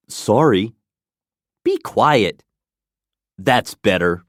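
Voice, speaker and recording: A man reading short dialogues for an English lesson, acting the lines clearly and without hurry. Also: on the low side, huge pitch swings, extremely slow, pauses often, no echo, clean studio sound.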